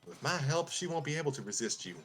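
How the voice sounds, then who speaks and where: A man voicing a cheerful male cartoon mail carrier bird in a high, excited voice. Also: fast talker, slightly rough, faint music behind, full character voice. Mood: cheery.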